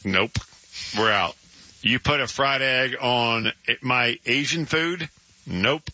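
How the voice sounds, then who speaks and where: A man's voice: medium pitch, slow, pushed and bright, no echo. A man co-hosting sports radio in casual banter, emphatic, with stammering restarts. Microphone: studio microphone. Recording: dry, slightly dull radio studio sound.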